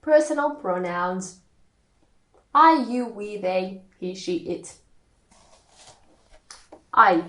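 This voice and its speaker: A woman gives a recorded language lesson in a slow, measured voice. She walks through each rule carefully and stops to say example words aloud. The room around her has a noticeable echo. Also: mid-range voice, lively intonation, bright, forceful tone. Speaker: language teacher. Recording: echoey room.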